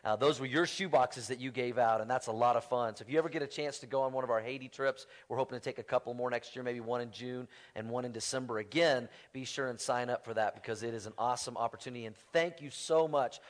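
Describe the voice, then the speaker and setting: A man preaching a sermon in a church, telling stories in a relaxed, conversational way with playful humor. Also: mid-range voice, fast, hardly any pauses. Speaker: pastor. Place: church sanctuary.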